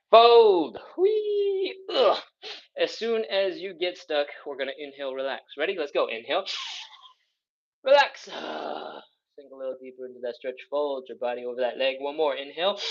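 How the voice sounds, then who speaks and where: Fast-talking jokey male stretching coach. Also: medium pitch, muffled recording. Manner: energetic cueing and counting aloud. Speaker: stretching instructor. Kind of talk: live follow-along workout coaching.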